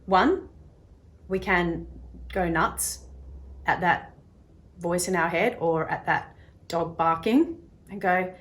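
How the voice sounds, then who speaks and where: Slow and lowish-voiced, with long pauses, a woman hosts a casual self-help video addressed to camera. She acts out little voices in quotes as she explains and occasionally goes soft and quiet.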